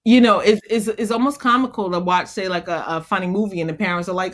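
A woman guest in an interview, speaking earnestly and encouragingly about being a mother, growing animated as she tells stories. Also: mid-range voice, fast, hardly any pauses. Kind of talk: conversational interview.

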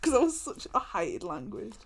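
Against a crowd in the background, a young woman co-hosting a podcast speaks in a very animated, gravelly, mid-range voice at normal speed. She giggles, jokes, and reminisces with a friend while reading old school reports aloud in casual chat.

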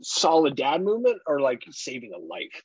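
A man in his thirties co-hosting a casual podcast, animated, laughing often and swearing freely. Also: medium pitch, normal speed, slightly rough, no echo. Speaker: podcast co-host. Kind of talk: casual chat. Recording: dull, muffled close mic.

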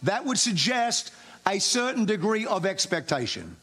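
A man's voice: high voice, big pitch swings, moderate pace, fairly bright tone, husky. A man preaching a sermon in an informal, conversational way. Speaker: pastor.

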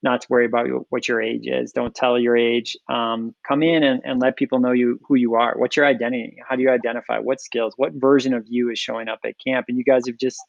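A man's voice: mid-range voice, level tone, fast, vocal fry, few pauses, dry recording. A man hosting a podcast, speaking in an affirming way and chiming in with short interjections. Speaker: podcast host. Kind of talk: podcast conversation. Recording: dry, dull lo-fi sound.

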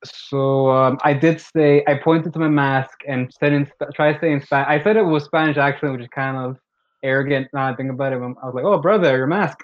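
A man's voice: mid-range voice, level tone, a little fast. Laid-back man telling a story, muffled. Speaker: podcast co-host. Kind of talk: casual chat. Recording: dull lo-fi sound.

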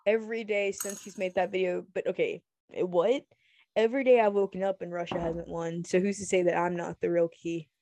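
A woman's voice: fairly low pitch, fairly even intonation, a little fast, warm tone, a little hiss or hum. A woman cohosting a podcast, chatting casually in a playful, giggly, self-mocking way. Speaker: podcast co-host. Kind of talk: casual chat.

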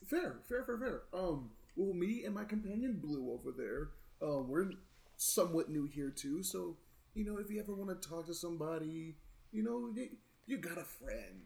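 A man voicing a big friendly robot who talks in halting, kindly bursts. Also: fairly high pitch, sing-song, creaky, a little mellow. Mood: concerned.

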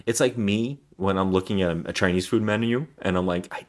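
A man's voice: sits low, fairly quick. A man co-hosting a podcast, casually recapping a movie and putting on goofy voices. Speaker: podcast co-host. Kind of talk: casual film review chat.

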